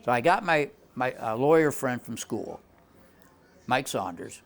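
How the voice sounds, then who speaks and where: A man's voice: medium pitch, very animated, a little slow, creaky. An older man who runs a tavern, telling old stories in a rambling way, full of restarts and "you know". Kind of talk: rambling spoken anecdotes.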